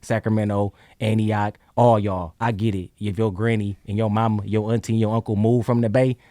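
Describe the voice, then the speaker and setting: A man from Oakland with a Bay Area accent, talking as a podcast guest in a fast, hyped way, filling his talk with "you know what I'm saying.". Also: on the low side, flat delivery, warm tone, dry recording, studio quality. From Oakland, California. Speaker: guest rapper. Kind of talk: casual podcast interview.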